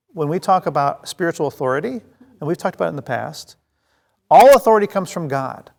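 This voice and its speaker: A man teaching a Bible study to a congregation, telling the story lively and acting out scenes, with many fillers and restarts. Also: fairly high pitch. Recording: long reverb of a hall.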